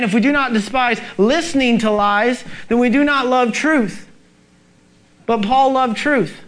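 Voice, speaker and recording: A man's voice: extremely high pitch, fairly bright tone. A male pastor preaching a sermon, urgent and emphatic, asking the congregation rhetorical questions.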